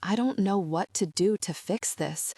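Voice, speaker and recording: A woman's voice: medium pitch, measured pace, warm tone, breathy edge, no echo, clean studio sound. A woman voicing a grieving young man who speaks in a choked, tearful voice. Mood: broken.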